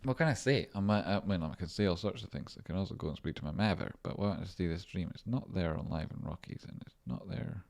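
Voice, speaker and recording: A man with a notably deep, low voice hosts a trading livestream. He rambles loosely, jokes around and swears casually while working through viewer messages. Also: fast talker, vocal fry, few pauses, darkish tone. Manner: rambling, joking and swearing while reading chat. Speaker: stock trading streamer.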